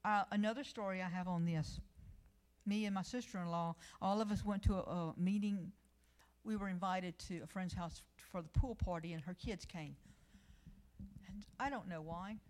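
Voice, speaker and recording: A woman's voice: on the low side, moderate pace, darkish tone. A middle-aged woman preaching a sermon, telling personal stories and reading scripture with rising emphasis.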